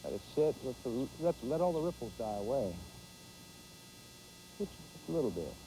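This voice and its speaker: A man hosting a fishing show, giving folksy live commentary from a boat on a pond and exclaiming loudly. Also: medium pitch, big pitch swings, moderate pace, a little hiss or hum, poor audio.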